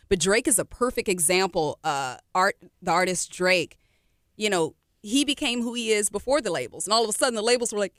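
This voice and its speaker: A woman R&B singer, a guest in a casual radio interview, who talks in an animated, encouraging way with frequent fillers. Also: mid-range voice, moderate pace, no echo, clean studio sound. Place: radio studio.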